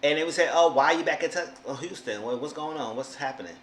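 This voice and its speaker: A man's voice: on the high side, fast, fairly bright tone. Male reality-TV reviewer, sassy and exasperated, mimics cast members; echoey room, faint hiss. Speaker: TV show reviewer. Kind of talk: casual recap commentary.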